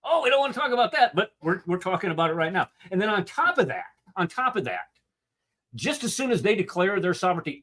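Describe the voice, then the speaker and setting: A man from the United States hosts a commentary show and rants with sarcastic indignation. His voice is a little higher than most men's and swings widely in pitch as he gets worked up. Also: bright, forceful tone. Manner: emotional ranting. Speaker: host. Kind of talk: heated commentary on a video.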